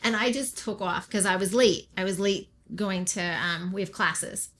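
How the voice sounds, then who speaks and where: A woman's voice: mid-range voice, normal speed. A middle-aged woman from Oregon, a pastor telling her personal faith story as an interview guest, acting out the remarks she quotes. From Oregon, USA. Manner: animated storyteller who acts out her own and others' remarks.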